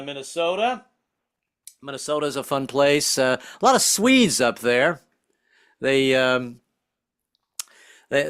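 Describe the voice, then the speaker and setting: A man's voice: on the high side, a bit bright. A man in his sixties doing a jokey stand-up comedy set over a video call, slipping into silly voices. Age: 60s. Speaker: stand-up comic.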